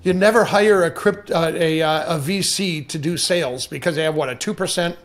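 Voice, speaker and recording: A man's voice: a little high, moderate pace, fairly bright tone. A man as a podcast guest, answering casually with many restarts and hesitations.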